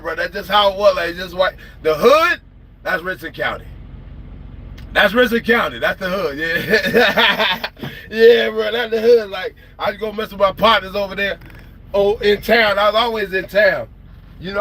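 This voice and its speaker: A man's voice: sits high, slightly rough. A man, telling stories in a slangy, emphatic way on a late-night trucking livestream. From South Carolina. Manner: animated, slangy, emphatic storytelling. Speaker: trucker vlogger.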